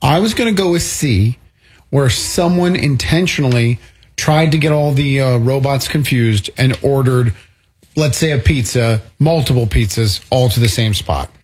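A man's voice: mid-range voice, normal speed, breathy edge. A man co-hosting a tech talk show in a studio, joking around and telling playful stories. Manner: jokey, playful storyteller. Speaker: co-host.

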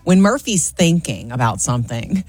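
A woman's voice: a bass voice, moderate pace, breathy edge, dry recording, faint music behind. A woman co-hosting a morning radio show, telling a story in casual banter and acting out what people said, laughing often. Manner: animated storyteller who acts out quotes and laughs often.

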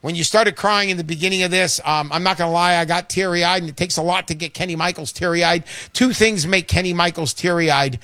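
A man hosting a call-in radio show, talking in a loud, salesman-like way and shouting his jokes. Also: high-pitched, fairly even intonation, fairly quick, few pauses, dry recording.

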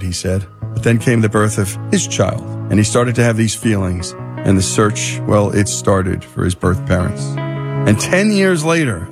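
Male radio host, gravelly voice, measured scripted narration, music bed behind. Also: medium pitch.

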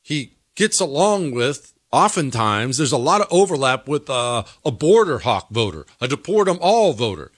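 A man's voice: mid-range voice, sing-song, normal speed, few pauses, breathy edge, dry recording, studio quality. A man hosting a political commentary monologue, talking in an opinionated, emphatic way. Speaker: host.

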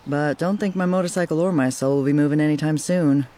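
A man's voice: on the high side, quick pace, dark tone, natural voice. A man playing a chummy motorcycle rider in an ad. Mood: easygoing. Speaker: ad character. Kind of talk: radio ad acting.

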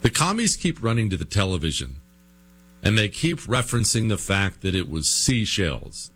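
A man's voice: on the low side, wildly swooping pitch, normal speed, a bit bright, slightly rough. A man hosting a political talk show, delivering a combative, sarcastic monologue and hammering his points home with repetition.

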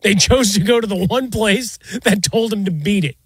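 Man, high voice, wisecracking podcast co-host, dry sound. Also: normal speed, husky, dry recording. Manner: teasing, wisecracking. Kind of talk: casual sports banter.

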